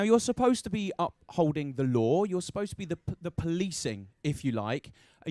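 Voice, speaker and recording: A male interviewer with a fairly high voice that swoops up and down as he teases his guests. His questions come playful and jokey, in a relaxed junket chat. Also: dry recording.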